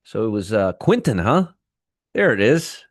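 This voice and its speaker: A man's voice: lowish voice, very animated, unhurried, no echo, studio quality. A middle-aged man hosting a casual trading livestream, rambling and greeting viewers one by one by name, with frequent restarts. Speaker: trading show host.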